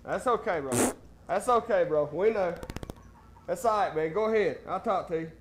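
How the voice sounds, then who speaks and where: A man's voice: sits high, normal speed, slight background noise. A man hosting a call-in show, bantering with callers and laughing often.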